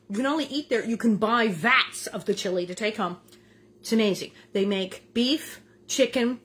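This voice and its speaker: An older woman hosting a casual home cooking vlog. She is chatty and animated and keeps tasting as she talks. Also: a little high. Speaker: cooking show host. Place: home kitchen.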